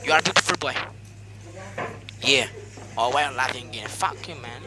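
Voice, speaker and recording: A man's voice: medium pitch, normal speed, pauses often, a crowd in the background. A man hosting an eating contest among friends, calling it like playful sports commentary, teasing the players and laughing often. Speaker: host commentating a mukbang contest.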